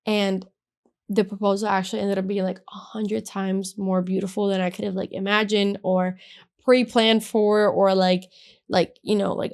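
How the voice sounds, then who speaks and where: A young woman in her twenties tells a personal story on her podcast in a loose, casual way. She gushes and leans on "like" in almost every sentence. Her voice sits at a middle pitch for a woman. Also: flat delivery, moderate pace, clean tone. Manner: gushing, filler-heavy, says "like" constantly. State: emotional, has a headache. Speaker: podcast host.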